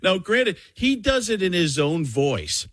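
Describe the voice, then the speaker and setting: A male comedian from Wisconsin, telling animated stories in a casual radio interview and often restarting his sentences. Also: high voice, unhurried. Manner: animated storytelling, self-interrupting. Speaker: comedian guest.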